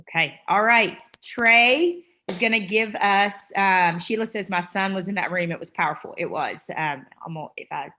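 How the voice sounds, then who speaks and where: A woman's voice: medium pitch, normal speed, few pauses, bright, forceful tone. A woman hosting a video-call meeting, talking casually, gushing with emotion and pride. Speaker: meeting host.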